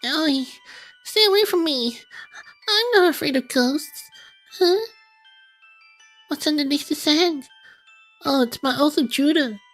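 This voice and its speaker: A high, squeaky little principal, put on by a woman reading game dialogue aloud, jumpy and proud. Her voice sits well above the reader's own and swings all over. Faint music plays behind her. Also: animated, unhurried, pauses often. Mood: bewildered. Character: flustered small young female principal, jumpy and proud.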